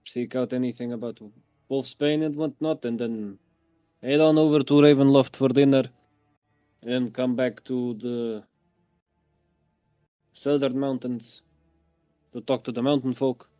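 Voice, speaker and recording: A man playing a tabletop game, joking around and thinking out loud in casual chat. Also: medium pitch, steady tone, unhurried, pauses often, clean tone, no room sound, soft background music. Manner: joking, easygoing, thinks aloud.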